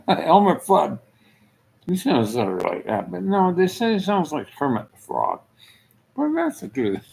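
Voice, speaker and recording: A man's voice: fairly high pitch, wildly swooping pitch, normal speed, gravelly, a little mellow, low-quality recording. A man giving a rambling casual monologue, trailing off mid-thought and chuckling often.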